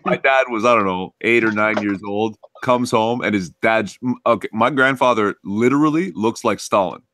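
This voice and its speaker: Low-voiced laid-back man, matter-of-fact. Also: moderate pace, a bit bright, no echo. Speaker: podcast co-host. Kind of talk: casual chat.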